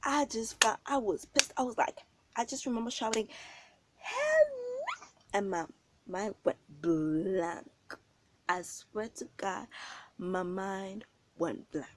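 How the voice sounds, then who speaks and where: A woman telling a story on her vlog, slangy and animated, acting out the quotes with loud bursts. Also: mid-range voice, a little slow, a little hiss or hum. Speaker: vlogger.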